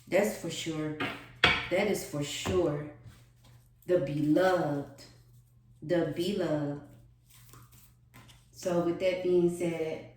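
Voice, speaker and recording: A woman giving a spiritual tarot reading, with a slow, repetitive, earnest delivery. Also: lowish voice, noisy background. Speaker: tarot reader. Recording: echoey room, distant mic.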